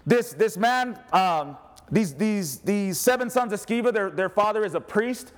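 A man's voice: sits high, expressive, measured pace. A man preaching a fervent, emphatic sermon as pastor in a church, using repeated rallying phrases. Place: church sanctuary with a responding congregation.

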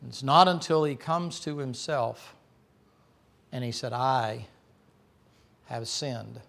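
A middle-aged man preaching a folksy, joking sermon that climbs to loud, shouting peaks. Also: mid-range voice, takes it slowly, gravelly. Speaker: pastor.

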